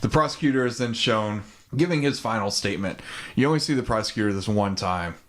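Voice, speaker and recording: A man's voice: on the low side, fast. A man, co-hosting a podcast and casually retelling a movie plot, with plenty of ums, likes and swearing. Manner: laid-back, profane, many ums and likes. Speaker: podcast co-host. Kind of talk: casual chat retelling a film.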